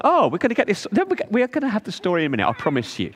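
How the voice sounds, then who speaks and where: A man leading a church children's talk, telling a story in a gentle, coaxing way with drawn-out emphasis. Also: high-pitched, huge pitch swings.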